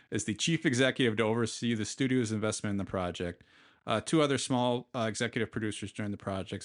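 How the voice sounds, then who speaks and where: A male podcast co-host with a somewhat low voice. He talks casually and loosely, wandering into asides and padding his sentences with fillers as he tells the story. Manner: rambling, storytelling with filler words.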